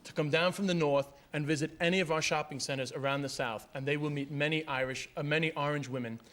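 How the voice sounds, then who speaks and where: A man, a comedian guest on a TV talk show, ranting animatedly and swearing in a quick stand-up style. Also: fairly high pitch, steady tone, fairly bright tone. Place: TV studio with live audience.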